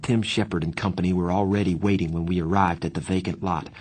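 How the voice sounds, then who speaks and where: A man reading a novel aloud as the first-person narrator, in plain, steady storytelling. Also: low voice, fast talker, husky. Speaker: audiobook narrator.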